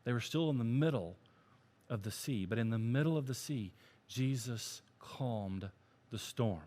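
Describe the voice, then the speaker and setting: A man's voice: mid-range voice, lively intonation, unhurried, dark tone. A male pastor giving a sermon, climbing to emphatic peaks and dropping to near whispers.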